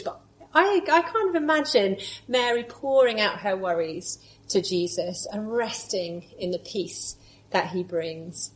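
A woman preaching a sermon, moving between lively storytelling and soft, hushed reflection. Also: medium pitch, poor audio.

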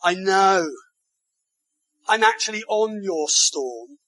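A man preaching a sermon voicing a gentle, comforting male divine figure in a soft, hushed tone. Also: high voice, animated, slow, no echo, full character voice, poor audio. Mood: soothing.

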